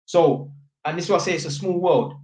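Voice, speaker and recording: A man tells a story in a rambling, slang-heavy way, stopping and restarting often. His voice sits a little high for a man. The sound is roomy, with a clear echo around him. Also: a little fast, a little mellow. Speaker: electrician. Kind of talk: storytelling vlog.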